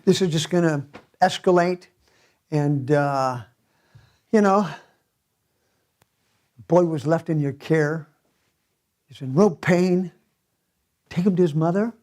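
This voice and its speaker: A man preaching a sermon as pastor in a church, telling the story in an animated way and chuckling often. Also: on the high side, takes it slowly, pauses often.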